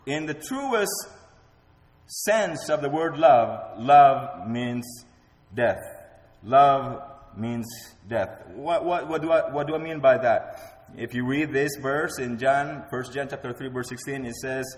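A man's voice: mid-range voice, a little slow. Emphatic male preacher in a reverberant hall. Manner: emphatic, repeats key words for effect. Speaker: pastor. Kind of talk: sermon. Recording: roomy hall with long reverb.

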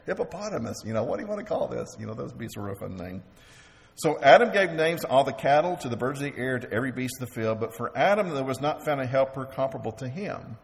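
A man preaching a sermon as pastor, halting and repeating words while he asks the congregation questions. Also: mid-range voice, expressive, gravelly. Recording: long reverb of a large hall.

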